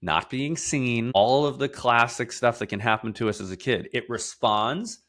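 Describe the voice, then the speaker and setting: A man guest in an interview, explaining emphatically, stacking lists of words and repeating key phrases. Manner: drops to a quieter, slower, lower delivery for heavy points. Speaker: podcast guest, somatic therapist.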